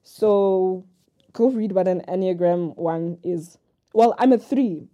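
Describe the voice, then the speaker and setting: Rambling young woman, mellow candid vlogger. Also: on the low side, slow pace. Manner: rambling, jumps between thoughts; frank and personal, self-mocking humor. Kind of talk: candid confessional vlog talk.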